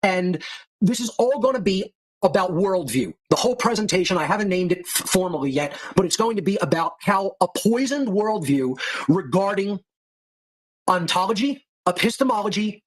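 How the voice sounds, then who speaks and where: A man's voice: high-pitched, expressive, moderate pace, rough recording. A man delivering a monologue lecture from his podcast, emphatic and turning to contemptuous insults. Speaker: podcast host.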